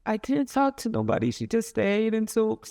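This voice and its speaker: A woman's voice: a little high, big pitch swings, warm tone. Emotional middle-aged woman telling her story. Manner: rambling, halting storytelling with many restarts; emotional, rising and falling with feeling. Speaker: interviewee, mother of a convicted son. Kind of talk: emotional personal account in an interview.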